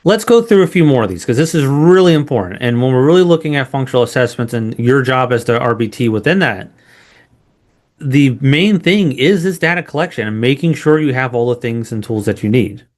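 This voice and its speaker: A man's voice: medium pitch, expressive, a little fast, darkish tone. A man instructing a training lesson in a conversational way, often checking in with "right?". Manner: conversational, frequent rhetorical "right?" tags.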